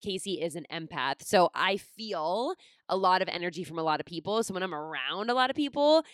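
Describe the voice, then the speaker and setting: A woman in casual personal storytelling as a podcast host, chatty and rambling with lots of "like," and expressive, self-deprecating asides. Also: fairly low pitch, brisk, no echo. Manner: chatty, rambling, heavy use of "like".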